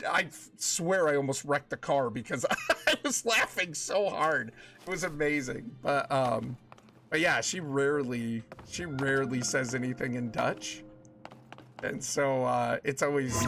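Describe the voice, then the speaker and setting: A man's voice: mid-range voice, unhurried, gravelly. Chatty male streamer over game music. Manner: rambling, chatty storytelling with frequent restarts. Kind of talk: casual live-stream chat while gaming.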